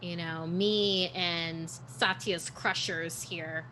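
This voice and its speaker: A woman's voice: lowish voice, steady tone, very slow, pushed and bright, a little hiss or hum, rough recording. A woman player speaking in character in a tabletop game, playful and hesitant.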